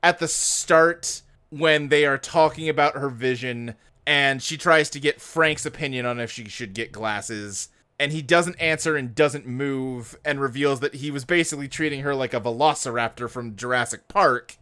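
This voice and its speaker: A man co-hosting a podcast in casual chat, wry and quick to laugh. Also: medium pitch, clean tone. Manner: laughs often, animated and wry. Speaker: podcast co-host.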